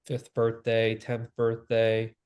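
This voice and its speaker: Calm slow-spoken male spiritual teacher. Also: mid-range voice, clean tone. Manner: calm, slow and repetitive, with long pauses.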